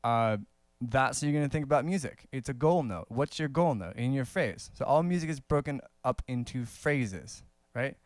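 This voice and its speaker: A man teaches in a loose, conversational way, filling pauses with "um" and light laughs. His voice is smooth and clear, sitting at an ordinary pitch. The sound is close and dry, with no room around it. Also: no room sound. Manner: relaxed, conversational, many fillers and little laughs. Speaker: saxophone teacher. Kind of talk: casual video lesson.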